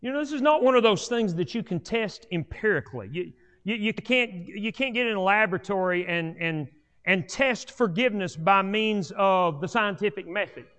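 Animated preacher in a reverberant hall. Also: male voice, high-pitched, moderate pace. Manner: animated, repetitive restarts, rising emphatic delivery. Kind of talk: sermon.

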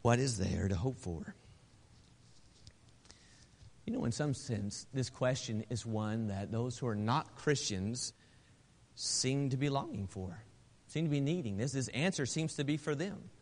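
A man preaching a sermon to his congregation, addressing them as brethren, swinging between loud exhortation and soft, slow, tender passages. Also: medium pitch, lively intonation. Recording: long hall reverb.

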